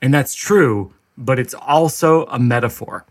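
A man's voice: medium pitch, a little slow. A man hosting a podcast, chatting casually and spinning absurd comic bits. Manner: jokey, spins absurd bits. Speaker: podcast host. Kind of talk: casual chat.

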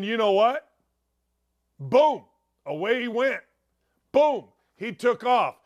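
A middle-aged man delivers a sports talk monologue in a fairly high voice. He rants with heavy sarcasm and slows down to drag out his points. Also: fairly bright tone. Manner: sarcastic, ranting, drawn-out emphatic delivery. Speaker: sports talk show host.

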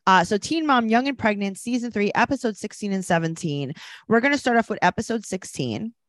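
A woman's voice: medium pitch, lively intonation, fairly quick, no room sound. A woman co-hosting a podcast, recapping a TV show in casual chat and often mocking the people she talks about in put-on voices. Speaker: podcast co-host.

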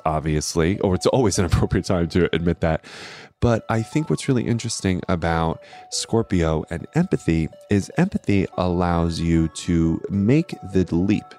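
A man with a very low voice talks through astrology in an earnest, explanatory way. He often checks in with his listeners by asking "right?". Faint music plays quietly behind him. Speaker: astrology host. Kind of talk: educational astrology talk.

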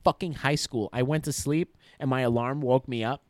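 A man from New York telling animated, profane stories in a casual podcast chat. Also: mid-range voice, moderate pace, dry recording. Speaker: guest, skate photographer.

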